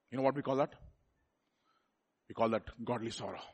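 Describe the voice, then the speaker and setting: A man preaching a sermon, swinging from loud exclamations to soft asides and putting questions to his listeners. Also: medium pitch, a little fast, long pauses, breathy edge.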